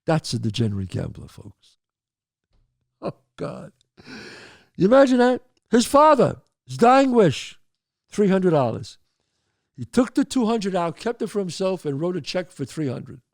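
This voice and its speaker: A man's voice: high voice, measured pace, creaky, long pauses, dry recording. Folksy man spinning a yarn, dry sound. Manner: folksy, addresses listeners as folks; animated storyteller with emphatic asides. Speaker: host. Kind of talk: storytelling and advice to listeners.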